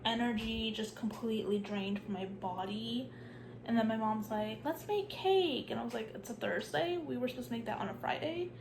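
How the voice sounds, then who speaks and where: A woman's voice: a little high, fairly quick, creaky, background noise. A young woman, sick with a cough and sore throat, chatting casually in a vlog and saying "like" a lot. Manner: chatty, says "like" a lot, drops to a hushed whisper at times. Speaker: vlogger.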